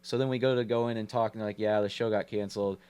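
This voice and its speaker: A man, a podcast guest and rapper, telling stories quickly and repeating "literally" and "like.". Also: fairly low pitch, steady tone, darkish tone, smooth. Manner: quick, repetitive storytelling with "literally" and "like". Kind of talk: casual chat.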